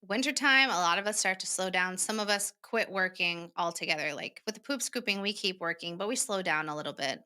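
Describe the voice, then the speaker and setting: A woman's voice: fairly low pitch, fairly quick, few pauses. A woman hosting a podcast, talking casually and chattily, acting out what people said. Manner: chatty, animated, acts out quoted remarks. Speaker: podcast host. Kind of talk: casual solo podcast talk.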